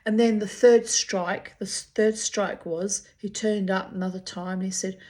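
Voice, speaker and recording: A woman's voice: medium pitch, steady tone, normal speed, dark tone. An older Australian woman reading aloud from her old diary with candid, chatty asides and frequent swearing.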